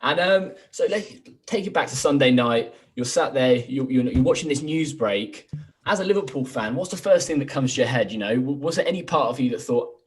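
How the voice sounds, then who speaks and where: A young man from England presents a talk show and interviews guests in an upbeat, chatty way. He speaks rapidly. His voice sits at a middling pitch. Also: expressive. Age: young adult. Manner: quick, upbeat, chatty with fillers. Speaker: host.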